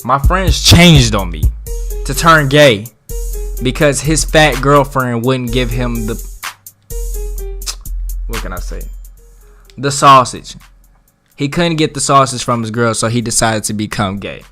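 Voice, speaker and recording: A man telling a wild story in a casual storytime vlog, slangy and profane, swinging from loud bursts to mutters. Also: medium pitch, expressive, unhurried, pauses often, faint music behind.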